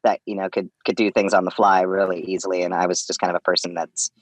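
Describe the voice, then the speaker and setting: A man's voice: low-pitched, flat delivery, quick pace, no room sound. Laughing, rambling male podcast guest. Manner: rambling, laughing, many restarts. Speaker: comedian and voice actor, guest. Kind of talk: casual podcast interview.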